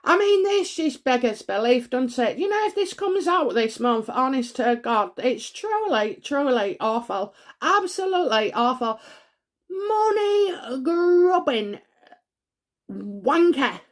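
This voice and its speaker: A woman in her forties gives a solo tarot reading, her voice sitting a little above the usual pitch for a woman. She rambles and hesitates, stacking up fillers and restarts, and breaks in with gasps as she goes. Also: very animated, moderate pace, few pauses. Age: 40s. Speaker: tarot reader.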